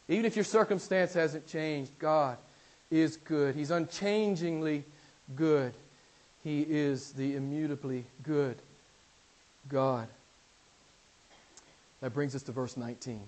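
Male pastor, fairly high voice, booming then hushed, repeats phrases for emphasis, sermon from a church pulpit. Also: slow, pauses often, low-quality recording. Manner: dramatic swings from loud emphasis to near-whispers.

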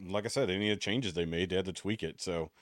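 Male podcast host, low clear voice, dry sound, loose rambling chat. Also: fast talker, dry recording. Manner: rambling, loose, swears freely. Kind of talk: casual chat.

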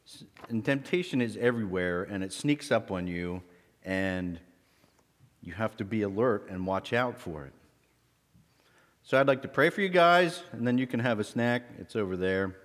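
A man's voice: fairly low pitch, lively intonation, moderate pace, in a large hall. A man giving a children's object lesson, quizzing the kids in a friendly, teacherly way.

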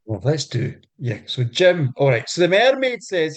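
A man, co-hosting a podcast and retelling folk tales in a playful, animated way with jokey asides. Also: fairly high pitch, measured pace. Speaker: podcast co-host. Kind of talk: comic storytelling chat.

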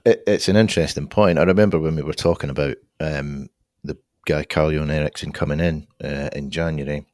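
A man's voice: a bass voice, fairly even intonation, a little fast, darkish tone, no echo, studio quality. A man on a podcast panel, talking things through thoughtfully with frequent fillers. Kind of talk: casual podcast discussion.

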